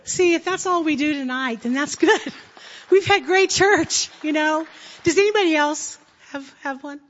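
A woman's voice: high-pitched, a little slow, muffled recording. A woman on a church's staff addressing the congregation in a jovial way, laughing often between phrases. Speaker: church staff member leading the meeting.

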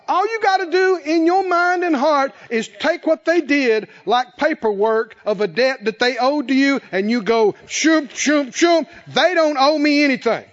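A man preaching a sermon in a folksy, animated way, chuckling and acting out little voices. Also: very high voice. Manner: animated, folksy, laughs often, acts out voices. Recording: dull lo-fi sound.

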